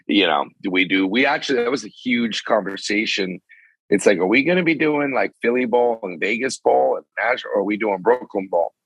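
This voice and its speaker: A middle-aged man talks shop about running concert venues, rambling and animated in quick bursts. His voice sits low with a husky edge, and the recording is dry and close. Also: no room sound, dull audio. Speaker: venue owner and concert promoter. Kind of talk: casual chat. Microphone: phone call.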